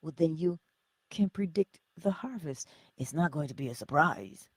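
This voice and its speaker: Husky woman teaching with lively pitch. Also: moderate pace, dry recording. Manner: preacherly, rhetorical questions, conversational. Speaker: spiritual teacher. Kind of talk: inspirational morning teaching.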